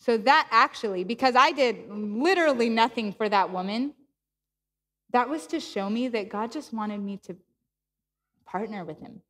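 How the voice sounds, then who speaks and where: A woman's voice: on the high side, normal speed. Woman preaching at church, storytelling style, lots of back-and-forth dialogue, echoey hall. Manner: animated storytelling with laughs and acted-out dialogue. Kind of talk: sermon.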